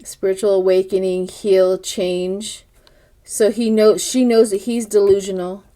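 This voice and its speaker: A woman's voice: medium pitch, level tone, measured pace, warm tone. An older woman giving a casual tarot reading to her viewers, thinking aloud as she interprets each card. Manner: chatty, speaks directly to viewers. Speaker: tarot reader.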